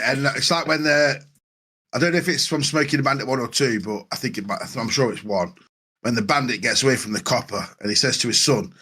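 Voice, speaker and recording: A man's voice: mid-range voice, quick pace, pushed and bright, slightly rough. A man in casual chat, swearing freely and acting out quotes from films he loves. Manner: swears freely, acts out film quotes and laughs. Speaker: podcast panelist.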